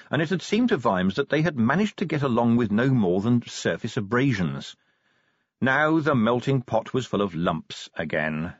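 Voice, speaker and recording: A man narrating an audiobook in an expressive reading style. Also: mid-range voice, husky, no echo, muffled recording. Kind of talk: scripted narration.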